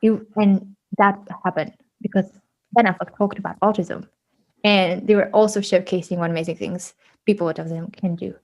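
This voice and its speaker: A woman guest, telling stories in a casual podcast interview and acting out quoted dialogue with big pitch jumps. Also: steady tone, moderate pace. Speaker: podcast guest, autism advocate.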